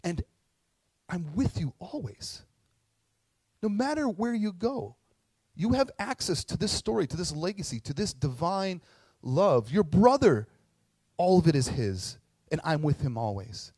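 A man acting out a loving, forgiving father who speaks softly to his son. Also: high voice, very animated, measured pace, pauses often, breathy edge, no room sound, pitched above the performer's own voice, full character voice. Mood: tender. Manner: soft, tender.

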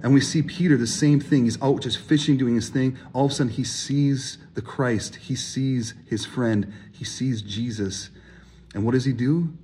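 A man preaching a sermon, animated and emphatic, acting out the voices of people in his stories. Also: medium pitch, moderate pace, breathy edge. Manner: animated, acts out voices in quotes, rising emphasis. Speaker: pastor.

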